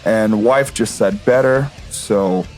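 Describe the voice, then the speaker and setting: A man's voice: on the low side, takes it slowly, a little mellow, soft background music. Rambling young man chatting wrestling. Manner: rambling, laughs often, swears freely. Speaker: podcast co-host. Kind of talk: casual chat about wrestling.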